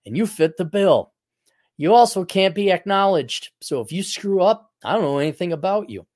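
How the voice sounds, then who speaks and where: A man voicing a stern male federal agent giving a blunt, businesslike recruiting pitch. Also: lively intonation, moderate pace, a little mellow.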